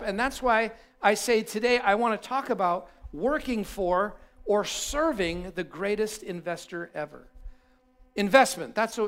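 A male pastor giving a sermon, telling a parable with lively emphasis and repeated phrases. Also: sits high. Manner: animated storytelling, repeats himself for emphasis.

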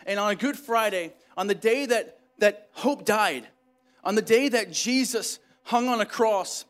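Young male pastor, high-pitched, casual storytelling sermon delivery with self-mocking humor. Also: a little slow, fairly bright tone. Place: church sanctuary.

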